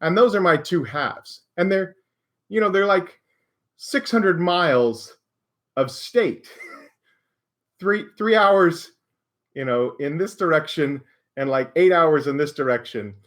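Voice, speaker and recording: A man's voice: on the high side, lively intonation, slow, long pauses, a bit bright. An American man hosting a live stream, answering viewer questions in a chatty, self-deprecating way and laughing often. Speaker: maker and live stream host.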